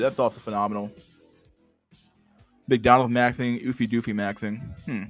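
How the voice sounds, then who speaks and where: Crude rambling male streamer. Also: on the low side. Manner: crude, rambling, swears a lot. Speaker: livestream host. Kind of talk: casual livestream chat reacting to memes.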